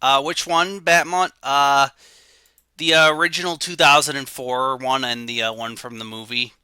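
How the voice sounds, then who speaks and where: Very bright, frustrated male streamer. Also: medium pitch, fairly even intonation, normal speed, clear, resonant tone, no room sound. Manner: frustrated muttering over technical trouble. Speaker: game streamer. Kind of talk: live stream commentary.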